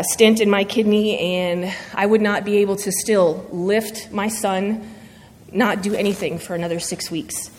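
A woman sharing a personal faith testimony before her church, speaking earnestly and haltingly through emotion. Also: medium pitch. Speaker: church member giving testimony. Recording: long reverb of a large hall.

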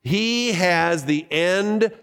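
A man's voice: high-pitched, extremely slow, a bit bright, clear, resonant tone, in a large hall. A male pastor giving a sermon in a conversational way, asking his listeners questions. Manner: conversational preaching with rhetorical questions.

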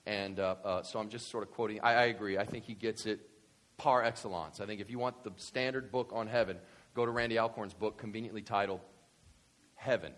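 Male pastor, lively sermon delivery, loud spikes. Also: fairly low pitch, fairly quick. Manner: animated, swings from quiet to loud excited bursts.

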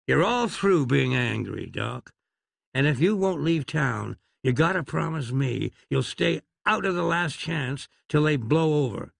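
Man voicing a pushy frontier saloon woman, high-pitched and twangy, gravelly grain underneath. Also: lively intonation, a little slow, dry recording, studio quality, heavily acted. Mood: insistent. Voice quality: twangy Western drawl. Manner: blunt and insistent. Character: blunt, worried saloon woman of the Old West.

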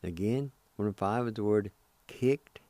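A radio host teaches a language lesson in an unhurried, deliberate way. He spells words out letter by letter and repeats them. His voice is low, mellow and dry, close to the mic. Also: dry recording.

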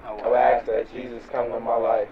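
An actor playing an agitated young man worn out from street life, frantic and cursing with his voice cracking high. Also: little pitch movement, brisk, lo-fi sound, a loud crowd, natural voice. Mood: repentant. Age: young adult. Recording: street noise behind.

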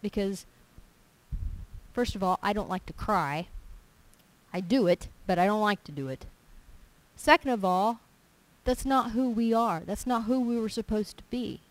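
A woman's voice: medium pitch, measured pace, no echo, rough recording. A woman giving a testimony sermon, telling stories with emphasis and acting out dialogue. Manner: animated storyteller, emphatic, acts out dialogue. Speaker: church speaker giving testimony.

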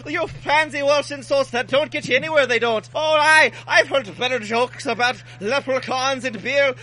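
A man's voice: very high-pitched, normal speed, sharp tone, pitched above the performer's own voice. A man voicing a boastful old Irish brawler in a bad fake Irish accent, crude and ranting.

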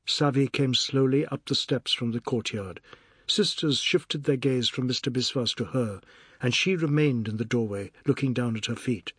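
Husky-voiced male audiobook narrator. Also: mid-range voice, no echo, clean studio sound. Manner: measured, even storytelling. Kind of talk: scripted literary narration.

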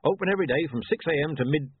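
A man voicing a thick-set, boastful male butcher who talks bluntly and loudly in an audiobook. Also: on the high side, rapid-fire, slightly rough, dry recording, narrow, tinny audio, pitched above the performer's own voice. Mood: chatty. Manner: blunt, loud and chatty.

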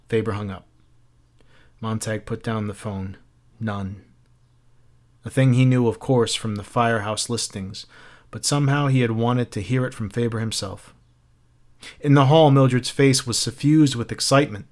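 Guy reading a book out loud, casual amateur narration. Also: medium pitch, moderate pace, long pauses. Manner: unpolished, self-correcting. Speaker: reader. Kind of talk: audiobook narration.

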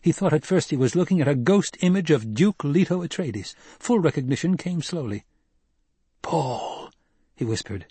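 A man narrating an audiobook in a measured, steady storytelling manner. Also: a little high, husky, no room sound.

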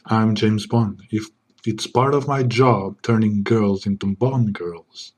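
A man playing a smug secret agent in a comedy sketch, keeping a low, smooth, deadpan voice. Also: takes it slowly. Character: suave smug male secret agent parody.

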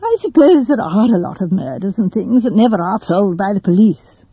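A woman's voice: mid-range voice, big pitch swings, moderate pace, warm tone, breathy edge, no echo, heavily acted. A woman voicing a teasing, ironic young woman artist in a storybook reading.

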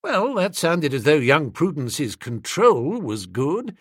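A man narrating a comic story as an audiobook, in a brisk, animated storytelling manner. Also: fairly high pitch, husky, dry recording, clean studio sound.

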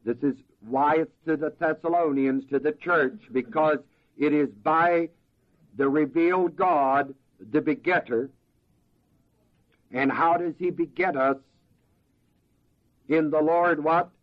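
A pastor with a slightly high voice delivers a slow, deliberate verse-by-verse sermon, pausing so the congregation can fill in words. The audio sounds dull.

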